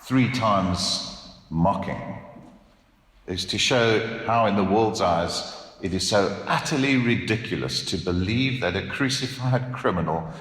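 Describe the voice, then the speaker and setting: A pastor preaching a sermon in a church, earnest and emphatic, asking rhetorical questions. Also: male voice, fairly low pitch, a little slow, fairly bright tone, roomy sound, in a large hall.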